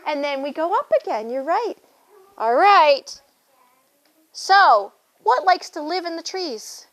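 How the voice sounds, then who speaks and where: A woman's voice: high voice, lively intonation, takes it slowly, a bit bright, rough recording. A young adult woman guiding a children's yoga class with playful, sing-song encouragement.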